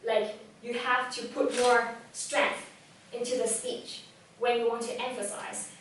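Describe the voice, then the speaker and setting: A young woman whose first language is Vietnamese, giving a lively, direct talk on public speaking to a live audience. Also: a little high, measured pace, slight background noise. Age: young adult. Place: event hall. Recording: echoey hall, voice from far off.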